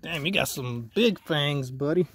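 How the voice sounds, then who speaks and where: A man's voice: on the high side, expressive, unhurried, a little hiss or hum. Playful man meowing at a cat. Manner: playful, nervously laughing, imitating cat meows. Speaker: vlogger. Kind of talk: casual vlog.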